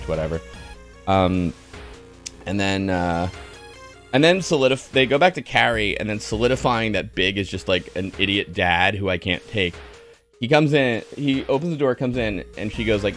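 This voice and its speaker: A man's voice: on the low side, animated, normal speed, fairly bright tone, faint music behind. A man casually recapping and mocking a film scene by scene, sarcastic and exasperated, swearing often and trailing off with fillers. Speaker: streamer reviewing a movie. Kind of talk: casual rant.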